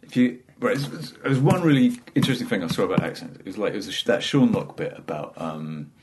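A man's voice: lowish voice, animated, fast, background noise. A man, a stand-up comedian chatting casually, rambling, cutting himself off mid-sentence and laughing through his stories. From England. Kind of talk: casual chat.

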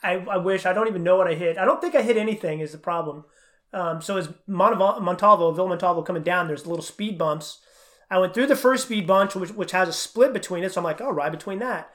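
A middle-aged man with a fairly high voice, guesting on a podcast as a coach. He talks fast and animatedly, racing through his stories in a casual chat. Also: a bit bright.

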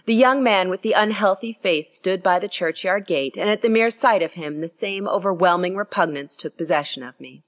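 A woman narrating a classic story in an expressive reading style. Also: lowish voice, moderate pace, few pauses. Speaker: audiobook reader.

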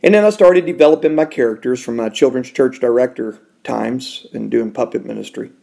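Male podcast host, gravelly voice, emotional studio testimony with big swings in volume and pitch. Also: brisk. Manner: emotional, swings from loud and high to soft and hushed. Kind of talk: personal testimony.

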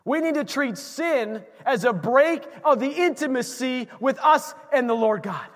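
A man preaching a sermon as pastor, animated, swinging from shouts to hushed asides. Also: very high voice, a little slow, long reverb tail.

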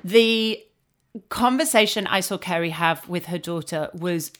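A woman's voice: on the low side, unhurried, a bit bright. A woman co-hosting a podcast, chatting casually and bluntly with frequent swearing. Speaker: podcast co-host. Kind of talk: casual recap chat.

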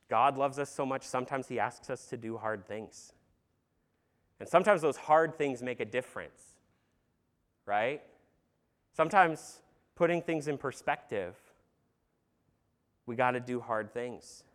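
A man preaching an earnest sermon in a conversational way, with casual fillers and some humor. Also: mid-range voice. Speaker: pastor.

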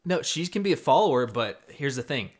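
A man's voice: mid-range voice, very animated, fairly quick. A young man co-hosting a casual podcast, laid-back and teasing as he reasons through his point. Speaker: podcast co-host. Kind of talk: casual anime recap chat.

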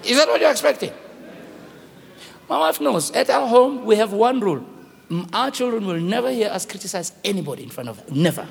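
A man preaches a fervent sermon, his voice high and wildly expressive. A gravelly rasp roughens his words as he pleads and tells stories. A long church-hall reverb trails every phrase. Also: fairly quick. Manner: impassioned preaching with personal storytelling. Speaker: pastor.

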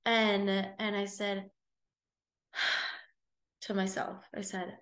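A woman's voice: mid-range voice, little pitch movement, slow, pauses often, fairly bright tone. A young woman with a Southern California accent, earnestly and reflectively telling a personal story as a guest. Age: young adult. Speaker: guest, host's daughter.

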